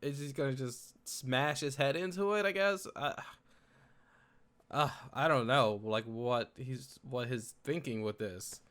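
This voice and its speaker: A man reacting to a TV episode in casual commentary, prone to loud excited outbursts and repeated exclamations. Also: medium pitch, measured pace. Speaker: reaction video host.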